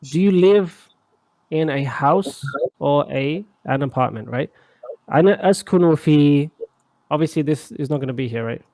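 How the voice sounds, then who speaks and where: A man's voice: on the high side, moderate pace, darkish tone, dry recording. A man teaching a casual live language class, chatty and often checking that students follow. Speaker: Arabic teacher.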